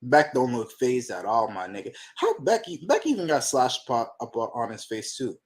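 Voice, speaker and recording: A man hosting a manga reaction channel, talking to himself while he reads, excitable and profane in casual reaction commentary. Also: medium pitch, moderate pace, hardly any pauses.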